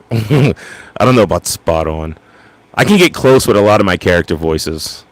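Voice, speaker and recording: A man's voice: low voice, lively intonation, moderate pace. A man casually chatting with his live viewers, rambling and joking at his own expense. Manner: self-deprecating, jokey, rambling. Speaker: livestream host.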